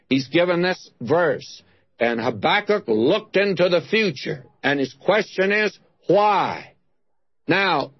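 A man's voice: high voice, husky, no echo. A man preaching a sermon, teaching from the Bible and stressing single words of scripture. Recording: dull lo-fi dry recording.

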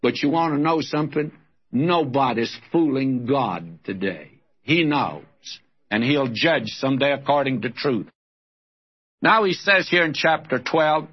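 A man's voice: mid-range voice, lively intonation, measured pace, breathy edge. A man giving an earnest, emphatic verse-by-verse Bible sermon on the radio, speaking straight to his listeners as friends. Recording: dull lo-fi radio broadcast.

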